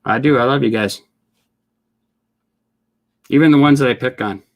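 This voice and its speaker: Man, middle-aged, Upper Midwest accent, laid-back vlog chatter, talks to his snakes, medium pitch. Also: normal speed, creaky. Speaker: reptile breeder and channel host. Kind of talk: casual vlog talk while handling snakes.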